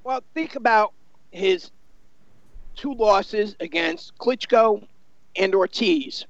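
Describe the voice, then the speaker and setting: Guy with a high gravelly voice rambling about fights, muffled dull sound. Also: slow pace, no room sound. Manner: rambling, filler-heavy with many you-knows. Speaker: boxing analyst. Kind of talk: casual sports discussion.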